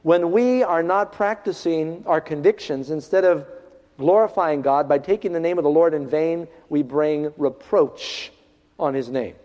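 A man preaching a sermon to a congregation, swinging from loud, ringing passages to hushed ones. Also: a little high, a little slow. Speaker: pastor. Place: large hall, in front of a congregation. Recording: dull lo-fi recording in a reverberant hall.

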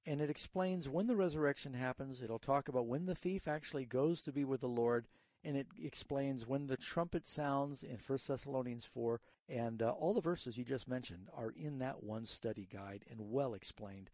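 A man hosts a Bible call-in program on the radio, answering listeners' questions like a patient teacher. His voice is mellow and warm. It is recorded dry and close in a studio. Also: mid-range voice, normal speed, no echo. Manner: earnest, teaching tone with a storytelling aside.

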